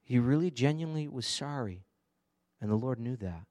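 A man's voice: mid-range voice, expressive, normal speed, darkish tone. A man preaching an earnest, conversational sermon, often asking the congregation direct questions. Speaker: pastor.

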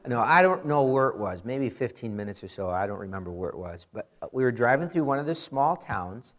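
A man in his forties, a pastor, giving a conversational sermon with animated storytelling and frequent asides. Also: mid-range voice, brisk.

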